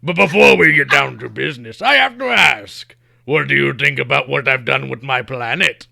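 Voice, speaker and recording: A man's voice: medium pitch, lively intonation, creaky, bright, forceful tone, no echo, full character voice. A man doing a grandiose, smug undead wizard. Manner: slow, drawn-out, grandiose. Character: theatrical undead male wizard villain, smug.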